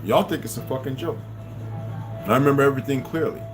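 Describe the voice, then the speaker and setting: A middle-aged man telling a rambling, profane story that turns into a loud rant. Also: medium pitch, fast talker, music in the background. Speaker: channel host telling stories.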